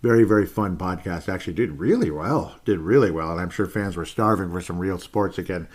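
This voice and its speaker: Host read: lowish male voice, rambling excitable sports podcast monologue, repeats lines. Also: a little fast. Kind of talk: solo sports podcast rant.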